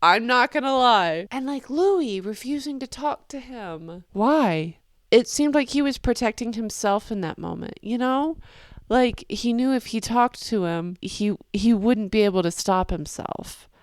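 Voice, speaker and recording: A young woman hosting a reaction video, talking casually and excitedly, swinging from loud outbursts to quiet asides. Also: on the high side, a little slow, no echo, clean studio sound.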